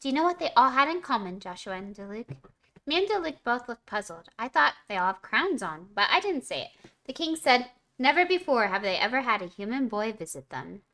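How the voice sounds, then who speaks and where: Woman storyteller, bright and animated, high-pitched, reading a children's bedtime book on stream. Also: fairly quick. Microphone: streaming mic.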